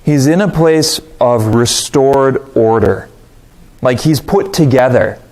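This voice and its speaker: A man leading a casual Bible study, talking conversationally, putting on quick voices for reactions and asking his listeners rhetorical questions. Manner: conversational, animated, voices quoted reactions with pitch jumps; asks the audience rhetorical questions.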